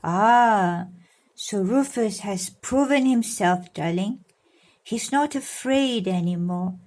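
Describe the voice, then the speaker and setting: A woman reading a storybook aloud to her godchildren, pausing to explain and coax them with questions. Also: mid-range voice. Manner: warm, coaxing, explains and asks children questions. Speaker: godmother reading to children.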